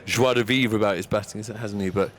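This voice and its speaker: A man's voice: fairly low pitch, fairly even intonation, a little fast. A man, a former England cricketer, giving frank, easygoing expert comment on live cricket radio while a little out of breath. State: slightly out of breath. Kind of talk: expert summariser chat.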